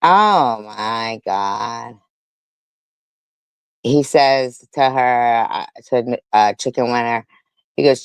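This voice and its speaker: A woman's voice: rumbling low, drawn-out words, long pauses, clear, resonant tone, no room sound. A woman doing livestream commentary, reading comments aloud and reacting with indignation and heavy swearing. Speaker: commentary streamer.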